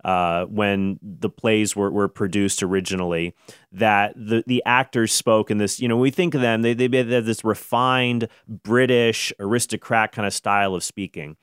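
A man's voice: lowish voice, fairly even intonation, normal speed, fairly bright tone, clean tone, no echo, studio quality. A man hosting a show, explaining history in casual, rambling commentary with jokes and frequent restarts. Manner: rambling, self-correcting, jokey. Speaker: host.

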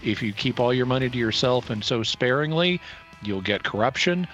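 A male radio co-host making an earnest, measured pledge appeal, quoting scripture. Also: mid-range voice, lively intonation, a bit bright, soft background music. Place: radio studio.

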